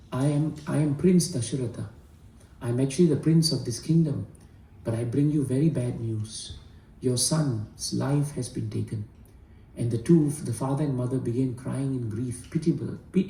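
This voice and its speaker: Gravelly, earnest male storyteller in an echoey room. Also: mid-range voice, mellow, distant mic. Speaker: spiritual storyteller. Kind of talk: devotional storytelling talk.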